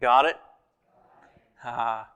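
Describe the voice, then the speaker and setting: A man preaching a sermon. He talks in a conversational way and acts out quoted speech, swinging between loud and soft. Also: mid-range voice, drawn-out words. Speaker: pastor.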